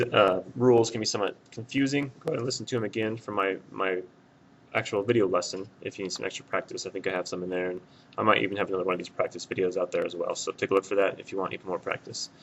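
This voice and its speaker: A man with a fairly low voice teaches a recorded Spanish lesson. He says drill words slowly and clearly and explains answers patiently. Faint room noise sits behind him. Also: rough recording. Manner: clear, slow, drilled pronunciation of single words.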